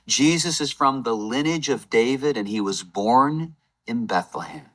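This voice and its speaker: A man preaching a Palm Sunday sermon, retelling scripture as a lively story with playful game-show asides. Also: mid-range voice, unhurried. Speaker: lay preacher.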